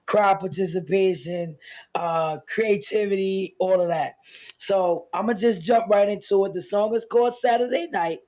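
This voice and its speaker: A man with a hoarse voice, chatting as a guest poet in a hyped, slangy way before he performs. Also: high-pitched, a little mellow. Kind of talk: casual chat before a performance.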